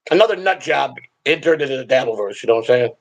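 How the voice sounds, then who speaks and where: A man's voice: mid-range voice, expressive, fast talker, gravelly. A man hosting a live stream, telling stories in a rambling, blunt and profane way. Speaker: streamer and show host. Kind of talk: casual storytelling on a live stream.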